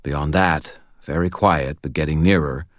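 A man reading a first-person novel aloud in a steady, measured storytelling voice, recorded close to the mic. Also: rumbling low, no room sound. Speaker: audiobook narrator.

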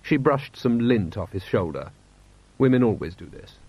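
Male narrator, lively delivery, dry, slightly dull recording. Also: medium pitch, moderate pace, husky, dry recording. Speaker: audiobook narrator. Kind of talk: scripted narration.

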